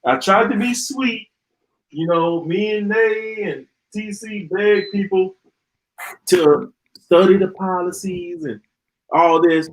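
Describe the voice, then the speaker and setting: A man's voice: sits high, slow pace, rough recording. A man hosting a live stream, ranting in an exasperated, sarcastic way and often repeating himself. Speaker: podcast host.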